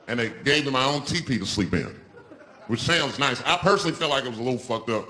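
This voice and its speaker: A man doing a stand-up comedy routine on stage, telling stories in a loose, profane, animated way. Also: mid-range voice, fast. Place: stage before a live audience. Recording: noisy live stand-up recording.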